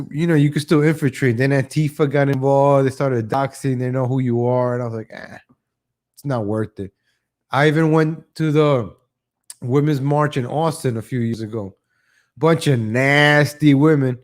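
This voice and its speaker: Medium in pitch, this man speaks at a moderate pace in a steady tone. He hosts a live online show, ranting with casual sarcasm, tending to repeat the words he starts with and mocking people in exaggerated voices. He's opinionated and bounces between topics.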